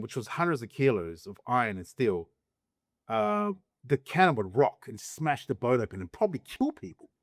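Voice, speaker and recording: A man's voice: medium pitch, dry recording, studio quality. A man talking straight to camera in a casual opinion monologue, emphatic, asking rhetorical questions and restarting his sentences. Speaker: vlogger.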